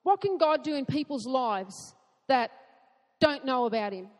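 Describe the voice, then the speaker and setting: A woman preaching a sermon in an earnest way, asking rhetorical questions and building to excited emphasis. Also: high-pitched, a little slow, long reverb tail.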